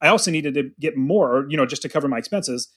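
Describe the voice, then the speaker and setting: A man's voice: fairly high pitch, animated, fast talker, fairly bright tone. A man hosting a casual business interview, asking long framed questions and sharing his own experience. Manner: asks long framed questions, voices hypothetical listeners. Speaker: podcast host.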